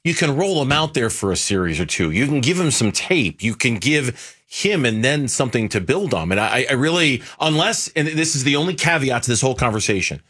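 A man's voice: mid-range voice, big pitch swings, fairly quick, fairly bright tone, breathy edge. A man co-hosting a sports radio show, who stammers into his points and then argues them firmly. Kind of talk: casual sports talk.

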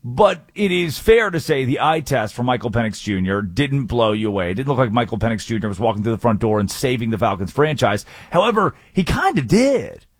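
Husky sports radio host. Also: male voice, medium pitch, a little fast, few pauses, no room sound. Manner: energetic, rattles off stats.

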